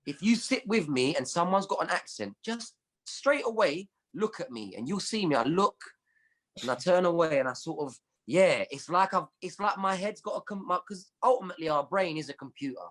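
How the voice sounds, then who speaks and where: A man with a London accent, a comedian chatting as a podcast guest and telling animated stories full of street slang. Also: high-pitched, normal speed. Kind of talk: casual chat.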